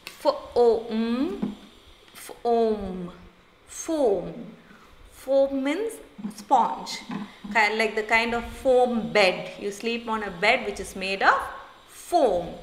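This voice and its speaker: A woman teacher, slowly sounding out and repeating words in a phonics lesson for young children. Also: on the high side, fairly bright tone. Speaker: primary school teacher. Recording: echoey room.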